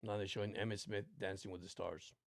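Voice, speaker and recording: Low gravelly man hosting a livestream. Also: flat delivery, fast talker, dry recording, studio quality. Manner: rambling, laid-back. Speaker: livestream host. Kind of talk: casual watch-along chat.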